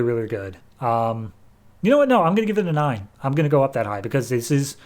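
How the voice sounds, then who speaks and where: Podcast host, casual and chatty, reviewing comics. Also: male voice, medium pitch. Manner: relaxed, chatty, frequent fillers.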